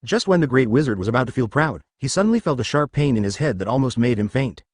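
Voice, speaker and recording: Lively, dry synthetic male storyteller. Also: mid-range voice, fast talker, no room sound. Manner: reads censored words out as asterisks. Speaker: narrator. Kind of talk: synthetic audiobook narration.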